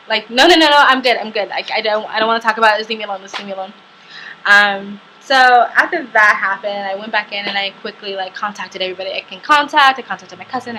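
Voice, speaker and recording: A young woman vlogger telling a personal story in a halting way, full of fillers and restarts. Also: on the high side, sharp tone, a little hiss or hum, rough recording. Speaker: travel vlogger.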